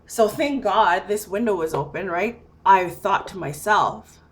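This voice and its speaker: A vlogger with a medium-pitched voice tells her camera a casual story at an unhurried pace, leaning heavily on "like" and "you know." She's animated and acts out her own lines, with a little hiss or hum in the background.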